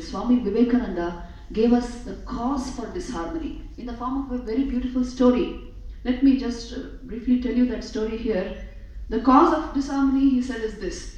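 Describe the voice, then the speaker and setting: A woman giving a spiritual talk, measured and emphatic, repeating phrases for effect as she tells a story. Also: fairly high pitch, dark tone. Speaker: spiritual speaker. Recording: echoey hall from a distant, dull mic.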